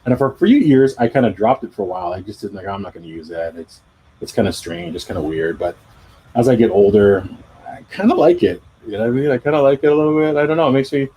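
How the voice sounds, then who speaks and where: A man's voice: lowish voice, fast, warm tone, breathy edge, rough recording. A middle-aged man chatting casually on a live drawing stream, rambling and self-deprecating. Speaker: comic artist hosting a live drawing stream. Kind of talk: casual chat.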